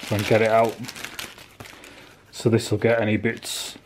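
A man's voice: lowish voice, monotone, measured pace, background noise. A man casually narrating his car restoration work in a garage workshop, plain-spoken and chatty with some swearing.

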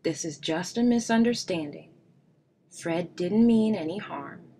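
A woman reading aloud, voicing a calm, soothing mother bear in a storybook. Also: lowish voice, measured pace, a little hiss or hum.

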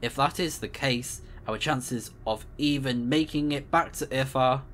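A man's voice: medium pitch, measured pace, fairly bright tone, slight background noise, lightly acted. A man reading out the lines of a formal, dutiful male starship AI in a stiff, polite manner, with small stumbles. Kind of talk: reading game dialogue aloud.

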